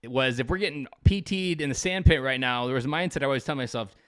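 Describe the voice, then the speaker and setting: A Marine veteran in his thirties talks with blunt, profane intensity, like a motivational speaker pressing his point. His voice is mid-pitched and sits in a dead, dry sound with no room around it. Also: fast talker, a bit bright, clear, resonant tone, dry recording. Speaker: podcast guest, Marine veteran.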